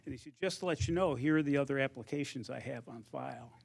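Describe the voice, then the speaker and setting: A man's voice: mid-range voice, quick pace, gravelly. An older man giving an anecdotal acceptance speech, telling his story conversationally and acting out quoted dialogue. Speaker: hall of fame inductee.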